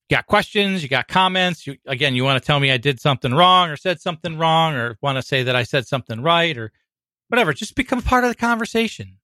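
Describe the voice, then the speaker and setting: A man's voice: on the high side, pushed and bright, dry recording. A man co-hosting a podcast in casual chat, friendly and explaining things step by step. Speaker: podcast co-host.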